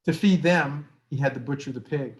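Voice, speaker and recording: A man's voice: medium pitch, normal speed. Male workshop presenter, conversational, asks the room questions. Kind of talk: workshop talk and storytelling.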